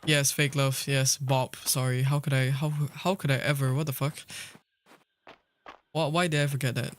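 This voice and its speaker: A man streams a game and chats playfully with his viewers, laughing often and swearing lightly. His medium-pitched voice is fairly even and fairly bright at a moderate pace, with faint music behind him and a little hiss or hum in the recording.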